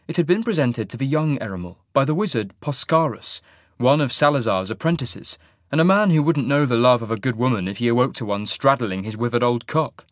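A man reading fantasy fiction aloud in a measured, even manner. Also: medium pitch, dry recording, clean studio sound. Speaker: audiobook narrator. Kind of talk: scripted fantasy narration.

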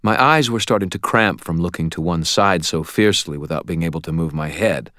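A man narrating a novel in the first person, telling it in a steady, plain way. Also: sits low, fairly quick, dry recording, clean studio sound. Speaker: audiobook narrator.

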